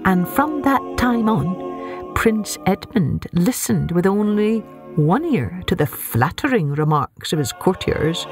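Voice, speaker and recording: Lady reading a kids' fairy tale slow and expressive, voice goes up and down a lot, faint music behind. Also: mid-range voice. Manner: expressive, gentle. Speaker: storyteller, podcast host. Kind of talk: children's story narration.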